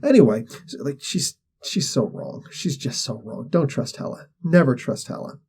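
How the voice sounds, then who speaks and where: A man's voice: medium pitch, expressive, moderate pace, a little mellow, slightly rough. A man hosting a show, casually retelling a comic story in a slangy, rambling way, acting out the characters' lines. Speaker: host.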